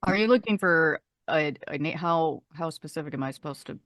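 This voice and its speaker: A woman's voice: low voice, fairly quick, fairly bright tone, no echo, studio quality. A woman playing in a tabletop game podcast, talking loosely and rambling with laughs. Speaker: player. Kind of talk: casual podcast chat.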